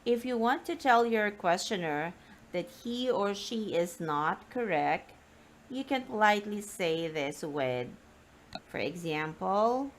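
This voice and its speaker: A woman gives an English grammar lesson at a very slow, careful pace, her lower voice rising and falling in a lively way. She reads example dialogues aloud and stresses key words. Faint noise hums behind her on a webcam stream mic. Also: rough recording. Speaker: English teacher.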